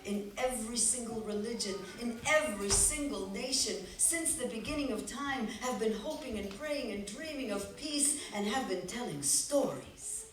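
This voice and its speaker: Expressive woman storyteller, lively pitch. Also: normal speed, hardly any pauses, noisy background. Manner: expressive, playful, draws the audience in with questions. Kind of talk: live storytelling to an audience. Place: festival stage before a live audience. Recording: echoey hall, distant mic.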